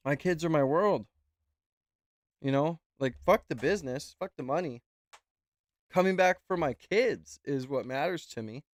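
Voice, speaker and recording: A man's voice: on the high side, expressive, unhurried, long pauses, dry recording. A man streaming a casual reaction chat, rambling and swearing freely.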